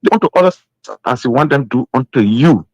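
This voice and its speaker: A man calling into a radio show, lively and preachy. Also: mid-range voice, fast, no room sound, rough recording. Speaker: caller. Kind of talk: call-in comment.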